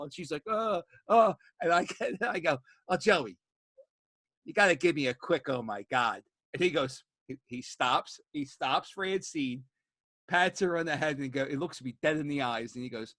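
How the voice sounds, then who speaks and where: Philly guy hosting a wrestling podcast, rowdy and swearing, bright punchy voice, dry close sound. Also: a little high, animated, normal speed, dry recording. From Philadelphia area. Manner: rowdy storyteller, swears a lot, acts out quotes loudly. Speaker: podcast host. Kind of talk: casual chat.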